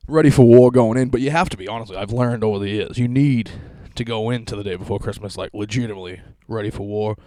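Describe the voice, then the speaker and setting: The solo podcaster, a man in his thirties in his home basement, talks fast with hardly any pauses in a warm, lowish voice. He rambles through stories, swearing and poking fun at himself. No echo is present.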